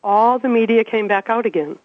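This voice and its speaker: Woman, 50s, from Massachusetts; lively guest storyteller, laughs often; phone-thin dry line. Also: fairly high pitch, brisk, no room sound. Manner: chatty, animated, laughs while telling stories. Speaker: interview guest. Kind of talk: casual storytelling. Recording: dry, tinny phone-like radio sound.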